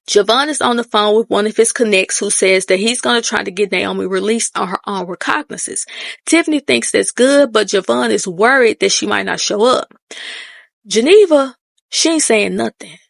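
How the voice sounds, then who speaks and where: A woman's voice: medium pitch, moderate pace, gravelly, dry recording, studio quality. A woman casually recapping a TV episode in a sassy way. She talks straight at the characters and calls people baby and girl. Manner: folksy terms of address like baby and girl. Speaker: TV recap host.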